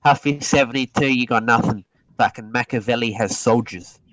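A man's voice: mid-range voice, normal speed, a bit bright, dry recording, low-quality recording. A man from Australia on a casual livestream, rowdy and trading insults. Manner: rowdy, insulting, talks over others. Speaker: livestream guest.

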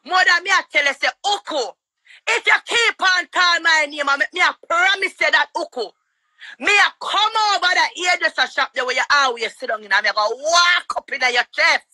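A woman with a Jamaican accent shouting and cursing in a heated livestream quarrel. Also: high-pitched, no room sound. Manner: shouting, cursing, rapid-fire. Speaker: livestream guest.

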